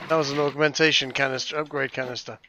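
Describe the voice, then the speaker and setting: Bright, joking gamer. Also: male voice, mid-range voice, steady tone, fast talker, slight background noise. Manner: joking, swearing, self-mocking. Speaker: gaming host. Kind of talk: casual let's-play chat. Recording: dull lo-fi mic.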